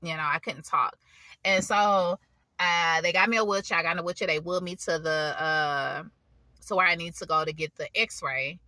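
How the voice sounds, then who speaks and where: A woman's voice: lowish voice, steady tone, normal speed, sharp tone, no echo. A woman giving a casual personal testimony to her viewers, talking conversationally, calling them y'all and often restarting her sentences. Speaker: faith vlogger.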